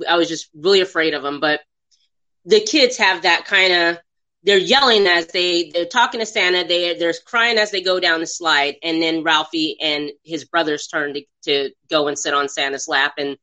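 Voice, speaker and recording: A woman co-hosting a casual podcast chat about a movie, enthusiastic and quick to laugh and agree. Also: on the low side, bright, forceful tone. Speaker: podcast co-host.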